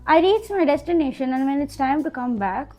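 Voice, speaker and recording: A woman's voice: sits high, expressive, brisk, darkish tone, soft background music. Candid Indian woman telling her story. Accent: Indian English. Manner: candid, emotional, restarts often. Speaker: vlogger. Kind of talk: personal storytelling vlog.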